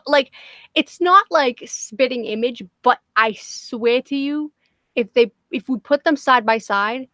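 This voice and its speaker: Casting: woman host, a bit high-pitched, dry close sound, salty and laughing. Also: measured pace, fairly bright tone, no room sound. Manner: swears a lot, laughs often. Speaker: livestream host. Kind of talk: casual livestream chat.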